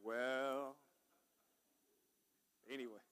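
A man's voice: mid-range voice, steady tone, drawn-out words, fairly bright tone, clean tone. A male pastor, preaching a sermon in a church sanctuary in a folksy, chatty way and calling out to the congregation. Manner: folksy, chatty preaching with audience call-outs.

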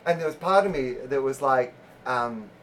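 A man's voice: mid-range voice, expressive, moderate pace, a bit bright, slight background noise. Laughing Australian man telling stories. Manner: rambling storyteller, laughs mid-sentence, jumps into silly voices. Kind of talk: casual chat.

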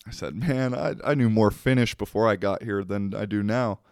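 Smooth low-voiced man telling a rambling story. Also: fairly even intonation, moderate pace, a little mellow, no echo, clean studio sound. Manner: rambling, laughs often, swears casually. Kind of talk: casual storytelling monologue.

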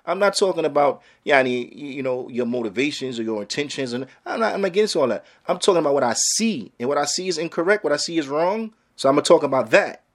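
A man's voice: on the high side, expressive, fast, few pauses. Emphatic male Islamic lecturer. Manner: emphatic, full of rhetorical questions; casual street phrasing. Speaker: Islamic teacher. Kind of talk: religious lecture.

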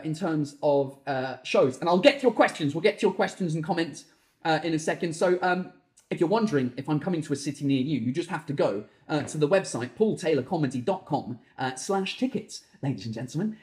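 Speaking from an echoey garden home office, a slightly high-voiced man runs a comedy podcast. He delivers an animated monologue of exasperated anecdotes, swearing as he goes.

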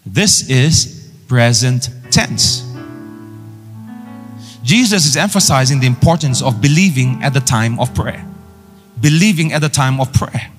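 A man's voice: medium pitch, expressive, a little slow, pauses often. A man preaching a sermon with emphatic, call-and-response delivery. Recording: long hall reverb with faint music.

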